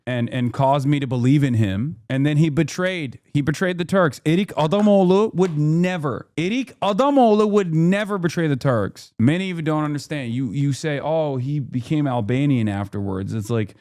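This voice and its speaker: A man streaming casual, profane commentary, sarcastic and swinging loud and high when he mocks. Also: no room sound, clean studio sound. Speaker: streamer reacting to clips.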